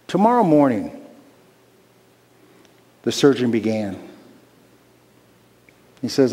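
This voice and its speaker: A man pastor preaching a sermon in a church sanctuary, slow and emphatic, repeating his key phrases. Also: mid-range voice, lively intonation, dark tone. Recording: long reverb of a large hall.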